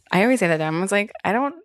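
Animated and quick, her mid-range voice comes through a dry, clean studio recording. The young podcast host talks on her own in a relaxed, candid way, sprinkling in "like" constantly along with the odd swear word.

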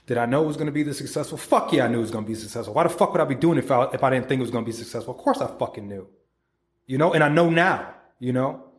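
A man's voice: medium pitch, racing. A man in his thirties hosting a motivational podcast, swearing freely and preaching with energy, often acting out quoted voices. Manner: profane, animated, preachy, acts out quoted voices. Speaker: podcast host and supplement company founder.

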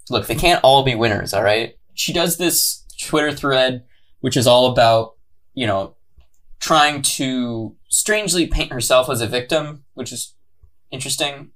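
A man co-hosting a comedy podcast, telling the story in a casual, animated way and often laughing. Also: mid-range voice. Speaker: podcast co-host.

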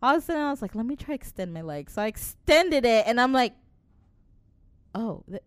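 A woman's voice: on the high side, sing-song, fairly quick, smooth, no room sound. A woman in her late twenties telling a story in casual chat, acting out quotes, swearing freely and laughing often.

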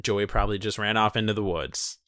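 A man's voice: fairly low pitch, fairly even intonation, brisk, fairly bright tone, no echo, studio quality. A young man co-hosting a podcast in casual chat, joking and rambling with many fillers.

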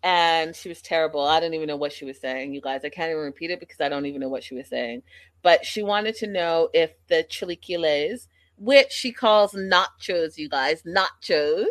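Deep-voiced and speaking at a moderate pace, a woman hosts a livestream in a dry recording. She keeps it gossipy and chatty as she recaps things casually, speaking right to her viewers.

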